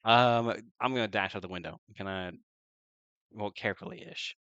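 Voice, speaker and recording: Man, lowish voice, smooth and clear, playful, hesitant, lots of fillers, tabletop player. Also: normal speed, fairly bright tone, dry recording, lo-fi sound. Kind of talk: casual tabletop role-play.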